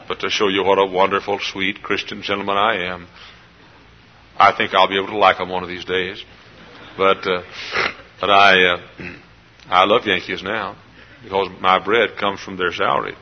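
A middle-aged man from Texas, a pastor preaching a sermon in a church. He climbs into loud emotional peaks, then drops back to quiet, confiding storytelling. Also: lowish voice. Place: church sanctuary. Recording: dull lo-fi sermon tape.

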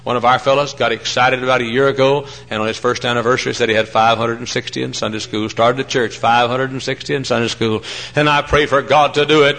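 A male preacher with a gravelly edge and a bright, forceful tone, telling homespun stories. His voice climbs sharply when the preaching builds. He is heard before a church congregation. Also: fast talker, low-quality recording. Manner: folksy storytelling, voice surging high with fervor. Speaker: traveling preacher. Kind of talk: sermon.

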